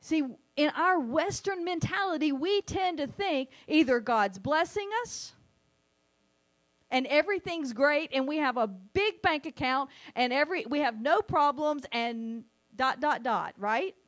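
A woman preaching a sermon, animated, sometimes acting out the voices she quotes. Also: high-pitched, a little slow.

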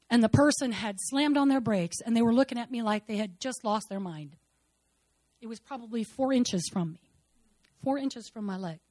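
Woman, 50s, high voice, dry sound; dramatic church testimony, soft to loud. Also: dry recording. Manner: dramatic storytelling, swinging between soft and loud. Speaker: speaker giving testimony.

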